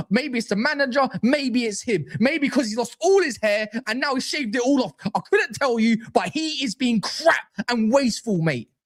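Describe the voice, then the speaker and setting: A young man hosting a football reaction, ranting in a frustrated, slangy way. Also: high voice. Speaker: host.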